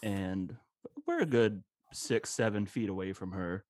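A man with a fairly low voice tells short, deadpan anecdotes on a podcast. His voice sounds dry and close, with no room echo. He speaks in a relaxed, casual way. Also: unhurried. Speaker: podcast co-host.

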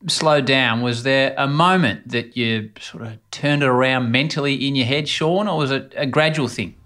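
A man's voice: medium pitch, normal speed, a bit bright. A man hosting a podcast, asking his guest a brief follow-up question. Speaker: podcast host. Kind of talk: casual interview.

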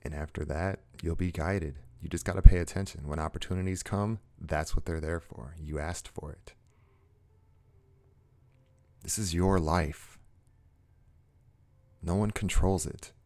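Very deep, gravelly man giving earnest motivation. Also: steady tone, darkish tone. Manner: earnest, slow and emphatic, repeating short phrases. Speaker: self-help speaker. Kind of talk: motivational monologue to viewers.

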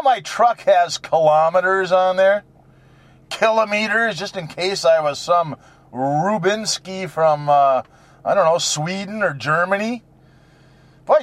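A man's voice: sits high, a bit bright, dry recording. A man rambling and joking while he drives his truck, swearing freely in a casual vlog. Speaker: vlogger. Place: inside a truck while driving.

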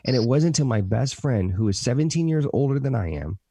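Gravelly, mellow-voiced man telling his story. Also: mid-range voice, lively intonation, a little fast, no room sound, clean studio sound. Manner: earnest, emphatic, repeats key phrases; self-described positive motivational talker. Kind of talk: personal storytelling in a podcast conversation.

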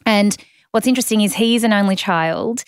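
A woman's voice: medium pitch, moderate pace, clean tone, no echo, studio quality. A woman hosting a podcast, chatting casually and laughing through her stories. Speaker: podcast host.

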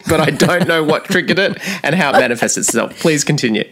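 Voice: medium pitch, animated, fast, fairly bright tone. Playful podcast co-host. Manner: playful, teasing interjections. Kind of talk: casual chat.

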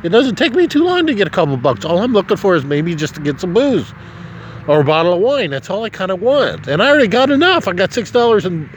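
A man's voice: high-pitched, very animated, quick pace, a little hiss or hum. A man from Nebraska, tipsy, rambling and swearing in a casual vlog monologue outdoors on a city street at night. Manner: rambling, profane, chuckling. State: drinking, tipsy. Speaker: vlogger.

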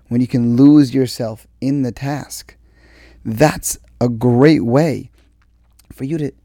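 A man's voice: medium pitch, mellow, no room sound, studio quality. A man speaking earnestly in a conversational motivational monologue, drawing out key words for emphasis. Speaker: speaker sharing advice on exercise and mindset.

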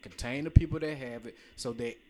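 A man hosts a loose podcast chat with his friends, cracking jokes and talking in quick bursts. His voice sits at an ordinary middle pitch and carries an easy, conversational tone. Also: a little mellow, a little hiss or hum. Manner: joking, talks in bursts. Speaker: podcast host.

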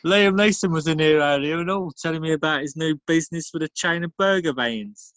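Cheeky London pub regular put on by a man, crude joke-teller, slightly high, dry sound. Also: brisk, a bit bright, dry recording, close to an everyday voice. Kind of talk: comedy podcast character bit.

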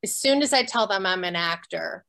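A woman's voice: mid-range voice, lively intonation, moderate pace, creaky, fairly bright tone. A woman speaking as an actress guest on a video call, bubbly and gushing, laughing often in casual chat. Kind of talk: lively casual interview chat.

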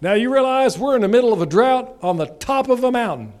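High-voiced preacher man. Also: lively intonation, brisk. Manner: builds from quiet scripture reading to loud, shouting exhortation. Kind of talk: revival sermon.

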